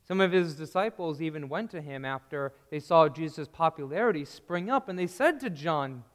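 A man preaching a sermon in a slow, earnest way, dropping to a hushed tone on key phrases, recorded in a church. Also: on the high side, animated. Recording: long reverb of a large hall.

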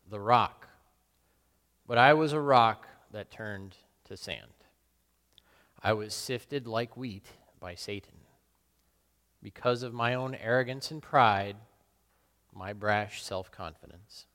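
A man's voice: lowish voice, fairly bright tone. A man playing Peter, a remorseful old-time fisherman. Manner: solemn, halting and self-questioning. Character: remorseful apostle Peter, a burly middle-aged fisherman. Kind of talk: dramatic monologue. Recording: long reverb in a large hall.

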